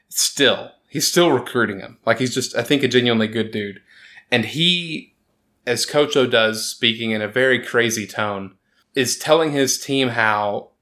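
Male podcast host, mid-pitch, rambling and animated, casual sports chat. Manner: rambling, animated, self-interrupting.

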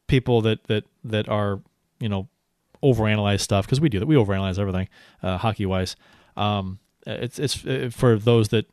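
A man's voice: mid-range voice, darkish tone, no room sound, studio quality. A man co-hosting a hockey podcast in casual chat, talking in a loose, rambling way. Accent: St. Louis. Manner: rambling, many fillers and restarts. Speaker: podcast co-host.

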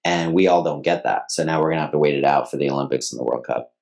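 A man, a soccer coach and podcast co-host, giving measured, analytical takes in a casual sports chat. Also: extremely low pitch, little pitch movement, gravelly, a little mellow.

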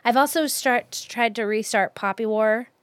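A higher-voiced woman co-hosting a podcast, chatting casually with friends. She talks in quick bursts, breaks off and restarts her sentences. The sound is close and dry. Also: clear, resonant tone, no room sound. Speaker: podcast co-host. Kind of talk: casual chat among friends.

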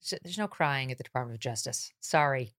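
A woman's voice: extremely low pitch, animated, fast talker, fairly bright tone. A woman hosting a political talk show, talking with sarcasm and mocking asides. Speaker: host.

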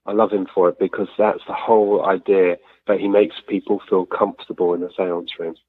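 Chatty man, deep and husky, phone-quality remote guest. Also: fairly quick, dry recording. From Sussex, England. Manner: chatty, animated storyteller with frequent self-corrections. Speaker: medium being interviewed. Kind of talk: conversational interview answers. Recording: dry, tinny phone-like line.

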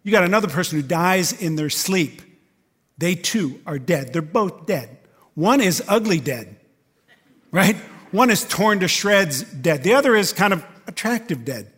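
A man's voice: sits high, expressive, unhurried, a bit bright, breathy edge, in a large hall. Man preaching an emphatic, conversational sermon. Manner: emphatic, conversational preaching with repeated rhetorical questions. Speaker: pastor. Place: church service.

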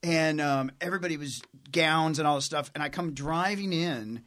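A man from Tennessee hosting a podcast interview in a relaxed, self-deprecating conversational way. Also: a little high, normal speed. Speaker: podcast host.

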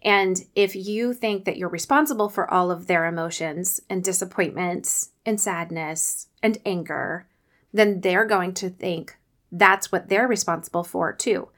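A woman's voice: fairly low pitch, a little slow, fairly bright tone. A woman in her forties hosting a podcast, giving earnest, faith-based coaching advice. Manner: earnest, coaching, often acts out quotes. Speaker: podcast host.

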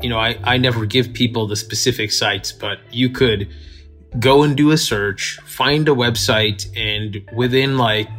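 A man's voice: mid-range voice, unhurried, fairly bright tone, faint music behind. A man being interviewed as a technology expert, explaining things in a conversational way with some fillers. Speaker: tech company executive guest. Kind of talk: interview answers.

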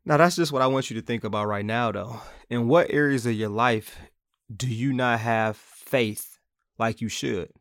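A man's voice: mid-range voice, normal speed, a bit bright, no room sound, studio quality. Man giving a casual Bible talk. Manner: casual, conversational, acts out quotes playfully. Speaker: podcast host teaching from the Bible. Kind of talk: informal Bible teaching.

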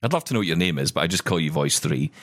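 In a bass voice and at a very fast clip, a Scottish co-host enthuses about tech in relaxed podcast chat, animated and prone to correcting himself as he goes. Studio quality, no echo.

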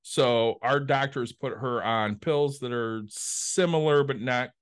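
A man's voice: mid-range voice, slow, clean tone. A man co-hosting a podcast in casual chat, telling blunt stories and swearing freely. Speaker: podcast co-host.

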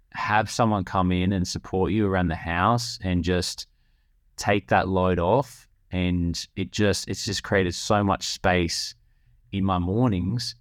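Deep-voiced man telling a story. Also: no room sound, studio quality. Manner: rambling, restarts often, acts out quoted voices. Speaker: podcast host. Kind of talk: casual storytelling.

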